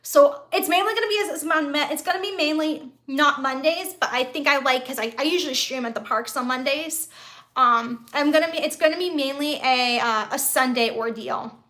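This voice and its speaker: A woman's voice: high voice, normal speed, pushed and bright. A woman hosting a casual live stream from a phone on a tripod, rambling and reading out viewer comments as she goes. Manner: chatty, rambling, reads viewer comments aloud.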